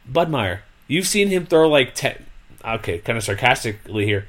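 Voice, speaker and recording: A man hosting a casual sports chat, his mid-pitched voice rambling through thoughts with plenty of fillers. He gets animated and exasperated as he argues his point. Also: normal speed. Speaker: sports podcast host.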